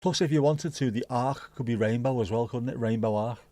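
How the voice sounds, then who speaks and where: A man's voice: mid-range voice, fairly quick, mellow, dry recording, studio quality. A man chatting casually through a live football watch-along, rambling, joking and swearing freely. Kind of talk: casual live match commentary chat.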